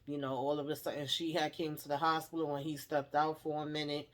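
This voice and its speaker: A woman's voice: low-pitched, flat delivery, a little fast. A woman hosting a casual TV episode recap, chatty and emphatic, often tagging on "okay?" and "you know". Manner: laughs while retelling. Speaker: TV recap host.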